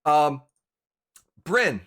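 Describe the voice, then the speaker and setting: Lively man running a tabletop game. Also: a little high, extremely slow. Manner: lively, flustered rules talk. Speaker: game master.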